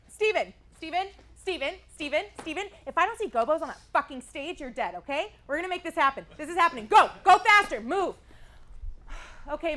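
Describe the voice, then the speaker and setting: A woman's voice: very high voice, sharp tone, exaggerated voice. A woman playing a frantic, exasperated community college theatre director in a comedy sketch, barking orders at her crew.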